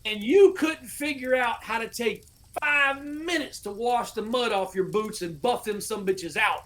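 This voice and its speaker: A man's voice: extremely high pitch, measured pace. Middle-aged American male veteran, casual profane storyteller, podcast guest. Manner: animated, profane storyteller, acts out his old orders.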